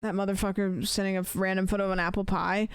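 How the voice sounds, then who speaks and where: A woman's voice: mid-range voice, flat delivery, fast, smooth, no room sound, studio quality. A young adult woman streamer in casual chat, rambling and playful and swearing now and then. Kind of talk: casual chat, ranking celebrities' texting habits.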